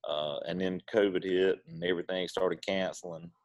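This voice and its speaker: Man, Eastern North Carolina accent, very deep voice, drawling, relaxed interview guest. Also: normal speed. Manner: laid-back Southern storytelling, drawling. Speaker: guest, pitmaster. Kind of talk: casual interview chat.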